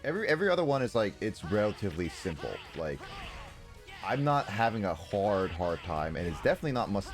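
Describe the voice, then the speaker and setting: A man's voice: fairly low pitch, very animated, quick pace, over music. A man streaming a video game, chatting casually, laughing often and restarting his sentences. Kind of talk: casual gameplay chat.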